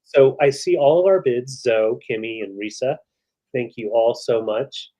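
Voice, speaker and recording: A man co-hosting a live vintage sale, relaxed and enthusiastic as he describes each piece. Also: mid-range voice, measured pace. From western United States. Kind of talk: live selling chat.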